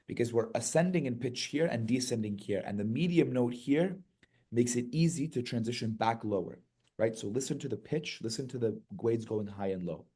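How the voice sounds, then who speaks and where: A man teaching a hymn chant step by step, singing short syllable phrases between quiet explanations and often checking in with "right?". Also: mid-range voice, moderate pace, husky. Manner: patient, checks in with "right?" and "okay?".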